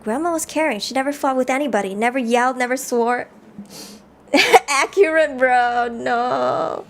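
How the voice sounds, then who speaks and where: A woman live-streaming a game, reading the story text aloud and chatting with viewers in an animated way. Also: high-pitched, normal speed. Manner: animated, chatty, reads narration aloud between chat replies.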